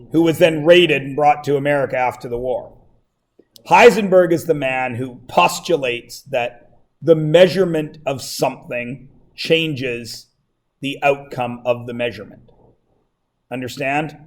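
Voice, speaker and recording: A male math teacher lectures his class in a high, light voice. He jokes and teases the students between explanations, and his talk is loose and conversational. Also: a little mellow.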